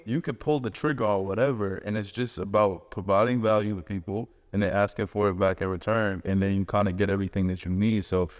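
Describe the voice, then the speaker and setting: Laid-back man with a low voice, reverberant room. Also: fairly even intonation, fairly quick, few pauses. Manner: loose, filler-heavy talk with lots of "like". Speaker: podcast host. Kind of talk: casual chat.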